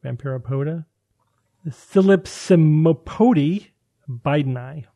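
A man with a mellow, somewhat high voice talks through a science story in a loose, conversational way. He circles back on his words often, restarting sentences as he explains. The sound is dry and close, with little room around it. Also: a little slow, gravelly, no room sound. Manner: explains at length with frequent restarts. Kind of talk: casual science chat.

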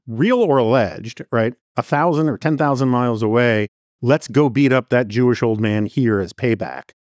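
A man's voice: mid-range voice, a little mellow, no echo, clean studio sound. A man as a podcast guest giving earnest commentary in long run-on sentences. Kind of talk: conversational commentary.

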